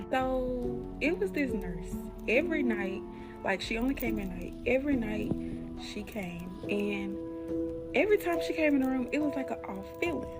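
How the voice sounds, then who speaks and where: A young woman from Alabama, casually telling a true spooky story straight to her viewers. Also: on the high side. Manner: chatty, addresses viewers as y'all, drops to a hushed tone for spooky parts. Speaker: storyteller, channel host.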